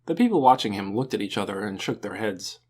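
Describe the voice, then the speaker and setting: Expressive male audiobook narrator. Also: on the low side, fast talker, slightly rough. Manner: expressive, animated reading.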